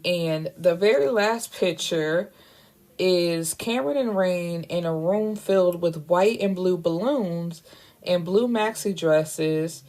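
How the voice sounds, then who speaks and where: Chatty woman recapping a book, fairly low. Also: slow pace, a little mellow. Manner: candid, chatty, swears freely and adds wry asides. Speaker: book reviewer recapping a novel. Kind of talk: casual spoken book recap.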